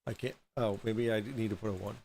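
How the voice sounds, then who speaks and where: A man hosting a casual livestream, drunk and high, rambling and halting over fillers as he talks. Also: fairly even intonation, creaky, a little mellow, a little hiss or hum. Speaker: host.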